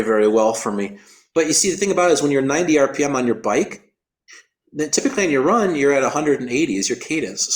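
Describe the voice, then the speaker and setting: A man with a middle-pitched voice recounts an endurance race in an interview. He often restarts and repeats his words, and he explains things in a careful, technical way. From United States. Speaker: endurance athlete guest. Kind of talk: storytelling interview.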